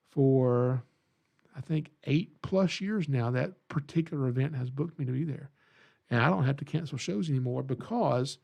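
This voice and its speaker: A man's voice: fairly high pitch, creaky, mellow. A man from Georgia with a Southern accent, hosting a podcast and telling stories in a folksy, self-deprecating way. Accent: Southern American (Georgia). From Georgia, USA. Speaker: podcast host and snake educator. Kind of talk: casual storytelling monologue.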